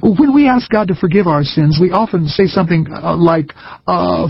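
A man preaching a recorded sermon in an earnest, measured way, with folksy stories. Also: high voice, expressive, creaky, breathy edge, dry recording, highs cut off.

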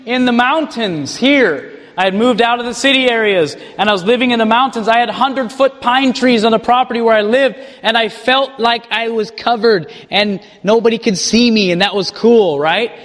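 A man who leads a ministry tells a personal testimony in an animated way and chuckles as he goes. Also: very high voice, normal speed, hardly any pauses, in a large hall. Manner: animated, chuckles while telling stories. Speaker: ministry leader.

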